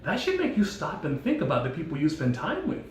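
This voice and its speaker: A man giving a playful devotional talk with props, telling a story in a jokey, animated way. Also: fairly high pitch, brisk, slight background noise. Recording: echoey room, mic at a distance.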